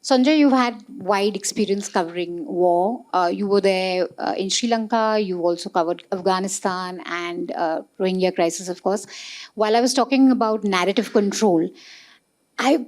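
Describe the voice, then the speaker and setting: A woman moderating a panel discussion, putting measured, probing questions to a guest. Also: medium pitch, a little mellow.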